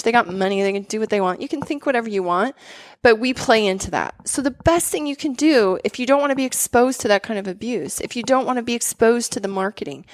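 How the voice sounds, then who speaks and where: A woman's voice: on the high side, dry recording. A woman who trained as a doctor, telling stories in a casual podcast chat, full of "like" fillers. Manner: animated storyteller, many "like" fillers.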